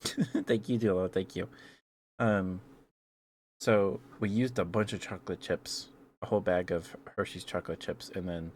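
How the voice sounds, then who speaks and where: A young man, an ASMR streamer, rambling softly to his chat with frequent ums and small kisses. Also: low voice, fairly even intonation, moderate pace, slight background noise. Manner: rambling, greets chat viewers with kisses, hesitant fillers.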